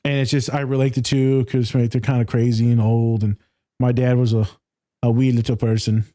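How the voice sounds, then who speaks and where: A man's voice: medium pitch, flat delivery, a little fast, dark tone, no room sound, clean studio sound. A man co-hosting a podcast, telling a story in casual chat, laughing often and swearing freely. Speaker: podcast co-host.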